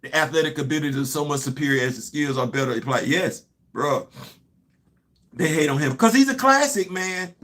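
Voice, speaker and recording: A man hosting a casual live-stream show, animated and laughing often as he chats about football. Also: on the high side, a little fast. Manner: animated, laughing often, Southern colloquial talk. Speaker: show host.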